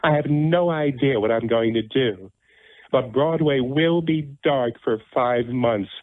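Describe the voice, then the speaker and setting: A man's voice: medium pitch, measured pace, dry recording, lightly acted. A man imitating a fretful theater producer. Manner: fretful, lamenting. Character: worried middle-aged male theater producer. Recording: narrow phone-like radio sound, dry.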